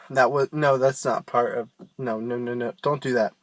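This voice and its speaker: A man's voice: mid-range voice, fairly even intonation, measured pace, heavy background noise. A young man giving a casual, rambling tutorial on screaming technique, joking at his own expense. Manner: rambling, self-mocking, loose and informal.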